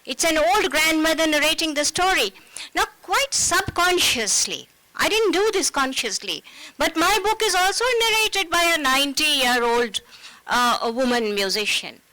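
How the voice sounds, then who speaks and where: A woman author speaking reflectively at a festival panel, with frequent pauses and fillers. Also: high voice, expressive, pushed and bright, no echo, poor audio. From India.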